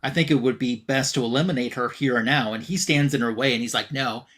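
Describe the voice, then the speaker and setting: A man's voice: mid-range voice, fast. Male co-host, mid-range voice, walks through a comic story in a loose, filler-heavy retelling. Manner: retells scenes by reading out dialogue with "she's like"; relaxed, frequent "um" and "uh" fillers. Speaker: podcast co-host reviewing comics. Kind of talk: casual comic recap.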